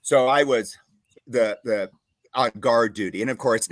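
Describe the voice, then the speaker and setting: Laughing, animated male talk show host. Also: on the low side, measured pace, dry recording. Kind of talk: casual storytelling chat.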